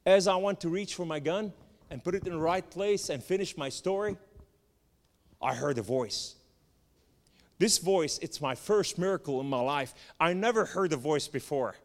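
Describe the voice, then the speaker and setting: A man giving an impassioned sermon testimony, swinging from loud cries to hushed tones. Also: a little high, moderate pace. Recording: long reverb of a large hall.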